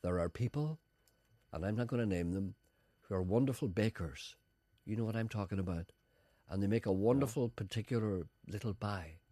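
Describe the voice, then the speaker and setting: A man presenting a radio show, telling stories with animated, teasing, theatrical flair in casual banter. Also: lowish voice, moderate pace, no echo.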